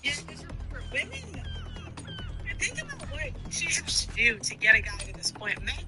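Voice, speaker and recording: A man's voice: very high-pitched, wildly swooping pitch, moderate pace, music in the background. A man live-streaming, giving opinionated casual commentary while he plays a game. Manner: opinionated, talks while gaming.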